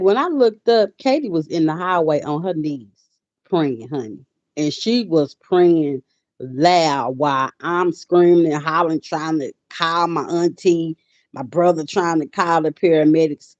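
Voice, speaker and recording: A woman in her forties talks to her viewers in a casual livestream, heartfelt and chatty, often stopping to greet people. Her voice sits low and close. The sound is dry and slightly dull, like a lo-fi stream. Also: dry recording. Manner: emotional, softening to quiet. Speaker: livestream host. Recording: dull lo-fi audio.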